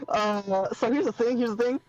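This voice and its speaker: A man running a tabletop game as game master, joking and excitable, quick to curse. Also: very high voice. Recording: dull lo-fi recording with faint music.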